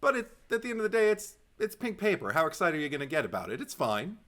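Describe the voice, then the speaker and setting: A man co-hosting a podcast in casual chat, talking haltingly with many fillers and restarts and laughing often. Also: on the high side, big pitch swings, fairly bright tone. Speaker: podcast co-host.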